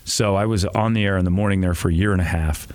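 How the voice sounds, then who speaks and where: A man's voice: sits low, fairly even intonation, quick pace, darkish tone, clean tone. A middle-aged man, a radio host, telling rambling, profane, self-deprecating stories in casual chat.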